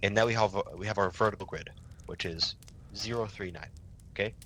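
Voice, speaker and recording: Man, young adult, fairly low voice, casual milsim instructor, relaxed, swears, faint background noise. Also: brisk. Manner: relaxed, loose, swears casually, many restarts. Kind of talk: casual training session.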